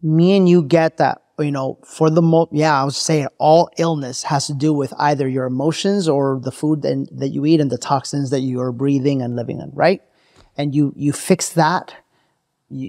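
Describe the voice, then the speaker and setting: In a conversational podcast interview, the male host talks emphatically, restarting often and checking for agreement. His voice is medium-pitched, creaky and darkish, recorded in studio quality with no echo.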